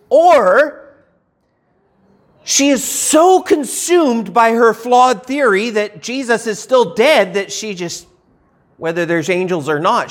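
A man's voice: high-pitched, fairly bright tone. A man preaching a sermon in a conversational teaching style, posing rhetorical questions and often repeating words as he restarts his sentences.

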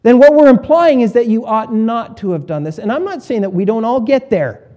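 A male pastor giving a conversational sermon. He often acts out what his listeners might say and often shifts between soft and loud. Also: extremely high pitch, lively intonation, moderate pace, lo-fi sound. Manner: conversational preaching with shifts in volume and voiced asides.

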